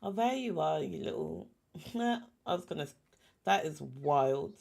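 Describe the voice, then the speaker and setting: Woman, game streamer, casual chatter, talks to the animals on screen, unhurried, fry in the voice. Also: low voice, sing-song, darkish tone. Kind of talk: casual gameplay chat.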